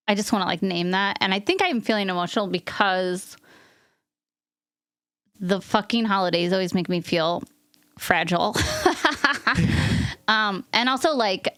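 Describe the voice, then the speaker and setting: A woman's voice: medium pitch, moderate pace, long pauses, a bit bright, smooth, no echo. Woman, podcast co-host, emotional, earnest, rambling, dry sound. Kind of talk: casual chat.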